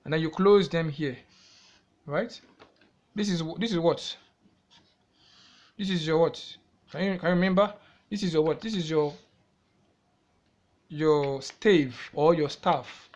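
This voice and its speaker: A man's voice: fairly high pitch, moderate pace, pauses often, darkish tone. A man with a Nigerian English accent teaching a music theory lesson, repeating himself often and asking the viewer questions before he answers them.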